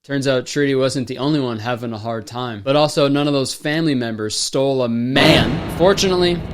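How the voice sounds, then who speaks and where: A man's voice: mid-range voice, fairly quick. A young man in his twenties doing sarcastic, profane comedic commentary on a movie.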